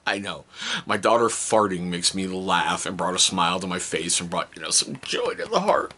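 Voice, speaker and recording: A middle-aged man telling stories about his kids in a casual, joking vlog. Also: normal speed. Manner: animated, jokey, mimics his kids in high voices. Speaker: vlogger, father.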